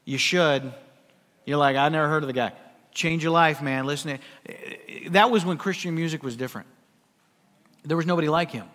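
A middle-aged man preaches in a casual yet emphatic way, pressing his listeners with rising questions. His voice sits somewhat high for a man. A long hall reverb hangs behind every phrase. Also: moderate pace, fairly bright tone. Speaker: pastor. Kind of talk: sermon.

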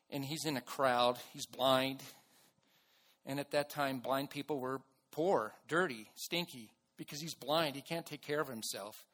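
A man preaching a sermon to his church in an earnest way, with restarts and bursts of loud emphasis. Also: mid-range voice. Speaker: pastor.

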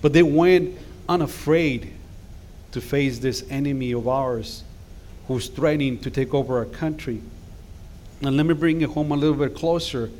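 There's a slight hiss or hum behind this middle-aged man, who is a guest pastor giving a passionate sermon in a church sanctuary. His pitch is medium, his speed normal and his tone darkish, and his preaching rises into emphatic calls to action.

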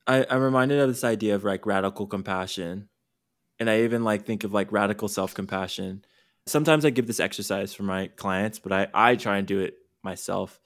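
A career coach hosting a podcast conducts a casual interview, speaking candidly and rambling as he keeps interrupting himself. His voice is fairly low and his delivery a little fast.

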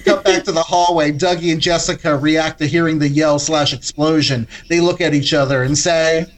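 A man's voice: a little high, moderate pace. Man narrating a comic horror retelling. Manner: deadpan narration with laughs, self-correcting. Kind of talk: comedic retelling of a horror film.

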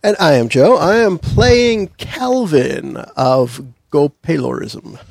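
A man's voice: a little high, animated, slow, creaky, no room sound. A man hosting a tabletop game podcast, chatting casually and upbeat with his players, a little self-deprecating. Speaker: podcast host.

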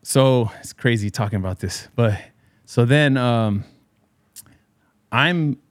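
A man's voice: medium pitch, slow, no echo, studio quality. A man and DJ telling a story in casual chat with friends, loose and profane with bro slang.

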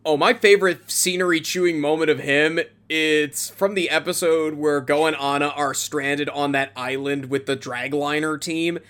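A man's voice: a little high, fairly even intonation, normal speed, hardly any pauses, a bit bright, clear, resonant tone. A man co-hosting a podcast, chatting in an enthusiastic, gushing way. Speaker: podcast co-host. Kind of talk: casual podcast chat.

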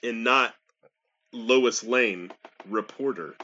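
A man's voice: mid-range voice, takes it slowly, pushed and bright, dull audio. A male co-host of a pop-culture podcast, chatting in a laid-back, wry way and laughing often. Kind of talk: casual pop-culture review chat.

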